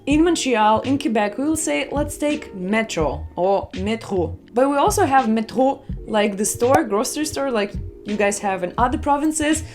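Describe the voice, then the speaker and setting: A woman's voice: sits high, normal speed, a little mellow, soft background music. A woman vlogger talking casually to her viewers, chatty and storytelling, acting out other people's lines. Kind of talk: casual travel vlog talk.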